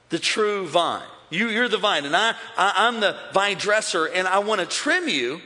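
High-voiced bright pastor preaching loudly. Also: male voice, fairly quick, few pauses. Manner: energetic, addresses crowd, builds to shouting. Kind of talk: sermon. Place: large church with overflow campuses. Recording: long hall reverb.

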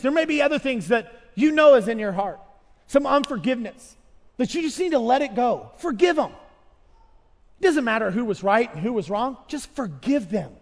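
Male pastor, 30s, high voice, pleading sermon style, long hall reverb. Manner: impassioned, pleading preaching. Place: church sanctuary with long reverb.

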